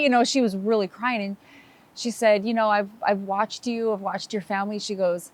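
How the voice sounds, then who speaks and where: A woman's voice: medium pitch, steady tone, a little fast. A middle-aged woman, a sheriff's wife, retelling a story in an interview with emotion and quoted dialogue.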